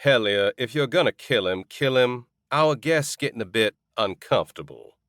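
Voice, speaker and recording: A man voicing a polite, smiling man who stays calm and dangerous. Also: mid-range voice, normal speed, no room sound, studio quality. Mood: wry.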